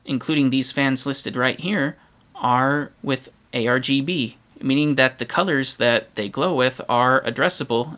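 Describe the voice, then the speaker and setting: A man narrating his vlog in a steady, explanatory way. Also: medium pitch. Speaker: vlogger.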